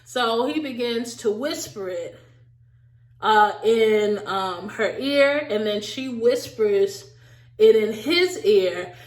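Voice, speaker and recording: A woman giving a casual, animated recap of a reality show, talking straight to her viewers with a sassy edge. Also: on the high side, slow, reverberant. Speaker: recap vlogger.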